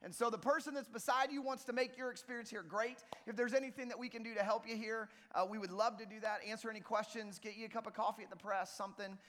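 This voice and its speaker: A man preaching a sermon as lead pastor, lively and joking with the congregation in a church auditorium. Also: high voice, quick pace, few pauses. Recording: long reverb of a church hall.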